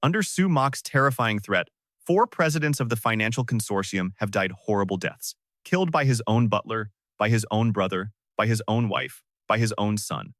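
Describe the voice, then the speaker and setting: A man narrating a comic story recap in a brisk, dramatic style. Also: fairly low pitch, a bit bright, no room sound, clean studio sound.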